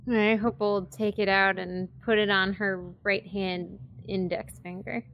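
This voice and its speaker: A woman's voice: mid-range voice, flat delivery, measured pace, creaky, lo-fi sound, slight background noise. A woman playing a tabletop game, casually describing what her character does. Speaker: player.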